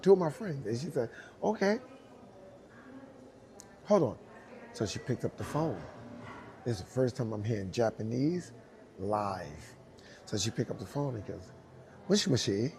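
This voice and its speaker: A middle-aged man, a dancer telling a lively story and acting out the voices of the people in it. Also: medium pitch, vocal fry. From Brooklyn, New York. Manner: acts out both sides of dialogue, laughing often. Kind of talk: animated storytelling.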